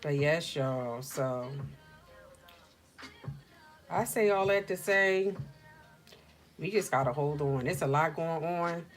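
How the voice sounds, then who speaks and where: A middle-aged woman hosting a casual livestream chat from home, telling stories in an animated, slangy way. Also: deep voice, slow pace, pauses often, soft background music. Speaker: livestream host.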